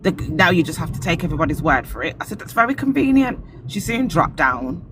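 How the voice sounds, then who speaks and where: A man's voice: a little high, expressive, fast talker, background noise. A man hosting a casual live-stream podcast, animatedly retelling his arguments. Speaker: podcast host.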